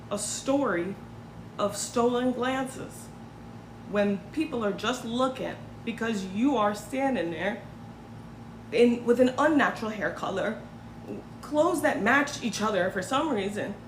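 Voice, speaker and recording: A woman's voice: on the high side, lively intonation, takes it slowly. Sarcastic woman ranting in an echoey room. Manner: conversational, sarcastic, swings into mocking put-on voices. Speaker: host. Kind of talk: casual commentary livestream. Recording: echoey room with faint ambient noise.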